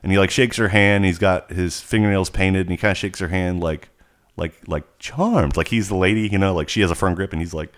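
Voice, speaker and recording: A man co-hosting a podcast, telling a rambling, animated story in casual chat. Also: low-pitched, fairly quick. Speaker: podcast co-host.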